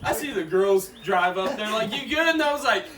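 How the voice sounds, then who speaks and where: A man casually telling a story as a cowboy, animated and laughing often as he talks. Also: high voice, normal speed. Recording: echoey room from far off with loud crowd.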